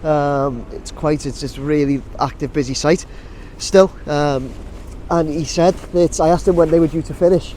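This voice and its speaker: Here a man with a cold-blocked nose vlogs about his drone outdoors by a busy building site, chatting loosely and restarting often between ums. His warm voice is a little high, with fairly even intonation and a moderate pace that has few pauses. The recording carries faint construction and traffic noise along with wind.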